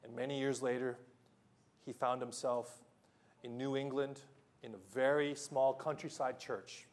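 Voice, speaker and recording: A pastor delivering a sermon, earnest storytelling that slows for emphasis and drops soft on key lines. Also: male voice, mid-range voice, level tone.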